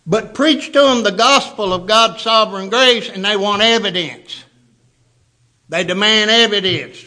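A man's voice: high-pitched, measured pace, bright, forceful tone. A man preaching a sermon, emphatic, repeating words for stress.

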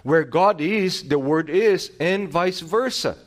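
A man pastor preaching a sermon, teaching with rhetorical questions and restarting phrases, swinging his loudness and pace for emphasis. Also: fairly high pitch, animated, takes it slowly.

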